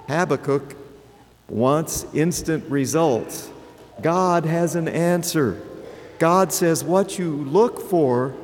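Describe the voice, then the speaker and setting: A man in his seventies delivering a sermon, slow and deliberate, with rhetorical questions for the congregation. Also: fairly high pitch, a little mellow, in a large hall. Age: 70s. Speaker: preacher.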